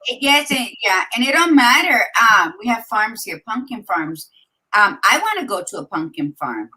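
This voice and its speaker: A woman's voice: fairly high pitch, lively intonation, moderate pace, bright, forceful tone, low-quality recording. Woman, podcast co-host, casual chat, encouraging, talks to the listener.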